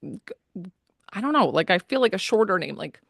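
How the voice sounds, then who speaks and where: A woman's voice: medium pitch, very animated, brisk, vocal fry, fairly bright tone, dry recording, clean studio sound. A woman giving a medium reading in a chatty, casual way, with lots of fillers and frequent laughs.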